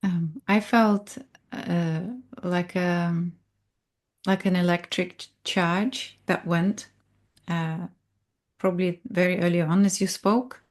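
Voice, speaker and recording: A woman on a video-call panel, gentle and hesitant, laughing softly as she speaks. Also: on the low side, steady tone, slow pace. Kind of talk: reflective panel talk.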